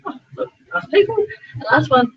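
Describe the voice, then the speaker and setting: A middle-aged Australian woman speaking as a sport psychologist, giving a chatty, animated talk to a small group of students and breaking into frequent asides. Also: sits high, moderate pace, slight background noise. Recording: dull lo-fi recording.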